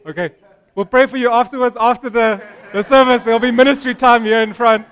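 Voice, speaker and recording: A man delivers a sermon to his congregation in a conversational, playful way, often tossing in "right?" to draw the room in. His voice sits high for a man. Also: fairly quick, a bit bright, clean tone. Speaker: pastor. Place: church service with a live congregation.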